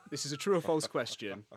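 A man's voice: fairly high pitch, a little hiss or hum. A man hosting a podcast quiz in a casual, laughing way. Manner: laughs through, stumbles cheerfully. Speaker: quiz host.

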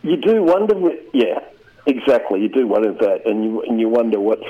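A man chatting casually as a regular radio commentator, talking in a rambling, halting way with many restarts. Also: mid-range voice, very animated, lo-fi sound.

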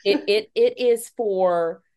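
A woman hosting a podcast interview, explaining public speaking in a measured, explanatory way. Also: medium pitch, a little mellow, clean tone. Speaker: podcast host and speaking expert.

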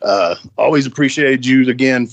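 A man's voice: mid-range voice, normal speed, no echo, muffled recording. Laid-back male podcast host, dry sound. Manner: loose, laughing, swears casually. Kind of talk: casual podcast chat.

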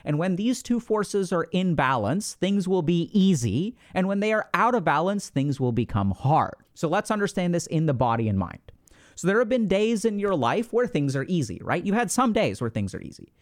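A man hosting a podcast, explaining in a casual, animated way, often acting out inner voices and asking "right?". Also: high-pitched, moderate pace. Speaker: podcast host.

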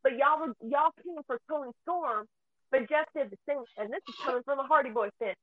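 Heated and profane, this woman speaks briskly in a high voice, on the verge of tears as she vents raw anger. The sound is thin and phone-like, with no room sound.

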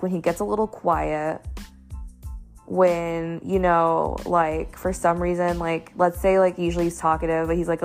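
A young woman telling a dating story in a chatty, casual way, full of "you know" and "like". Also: lowish voice.

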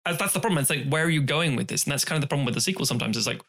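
A man's voice: a little high, very fast, gravelly. A man co-hosting a podcast, chatting casually and animatedly about films, swearing and acting out scenes. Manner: animated, swearing, acts out scenes in silly voices. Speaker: podcast co-host. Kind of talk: casual film chat.

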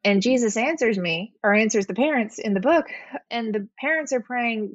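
A woman's voice: fairly high pitch, moderate pace, no room sound, dull audio. A woman telling a personal story as a podcast guest, earnest and reflective. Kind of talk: heartfelt interview talk.

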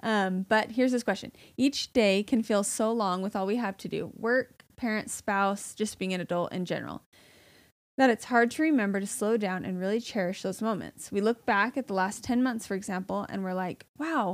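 A woman's voice: mid-range voice, moderate pace. A woman in her thirties chats casually as a podcast co-host. She talks with plenty of fillers and laughs often, in a mid-range voice. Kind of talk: casual chat.

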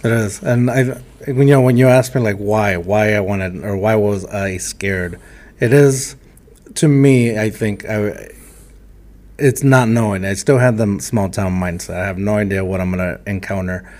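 A man hosts a casual podcast conversation, his voice sitting on the low side. He speaks in a relaxed, reflective way and pokes fun at his own habits. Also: normal speed. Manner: reflective, self-deprecating, relaxed. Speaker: podcast host. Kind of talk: casual interview chat.

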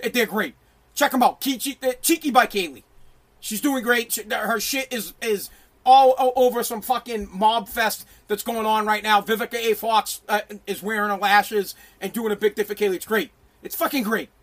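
Man, very high voice, middle-aged, brash and profane, ranting, shouts in bursts. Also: moderate pace. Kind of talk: ranting monologue.

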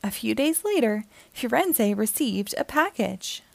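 A woman reads a children's picture book aloud at a measured pace, gentle and expressive as she tells the story. Her fairly high voice carries noticeable vocal fry. The sound is dry and close, with no echo.

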